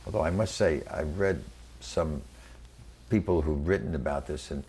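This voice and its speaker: A man in his eighties from New York City, recalling his career in a halting oral history interview full of fillers and restarts. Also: very deep voice, a little mellow, breathy edge. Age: 80s. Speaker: interviewee, venture capitalist. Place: quiet room.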